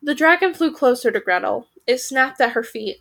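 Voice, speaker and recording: A woman reading a storybook aloud for a podcast, lively and now and then stumbling over a word and correcting herself. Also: high-pitched, normal speed, gravelly. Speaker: podcast reader.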